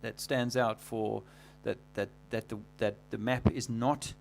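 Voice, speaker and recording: A man hosting a livestream, talking casually in a rambling, halting way full of fillers and restarts. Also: medium pitch, fairly even intonation, vocal fry, slight background noise. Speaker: livestream host.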